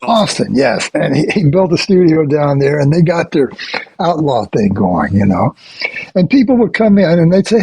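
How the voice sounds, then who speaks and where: Husky older man telling stories. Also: fairly high pitch, very animated, normal speed, a little mellow, no room sound, poor audio. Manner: rambling anecdotes with restarts and quoted dialogue; chuckles between stories. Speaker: guest, veteran session bassist and producer. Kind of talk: storytelling in a podcast interview.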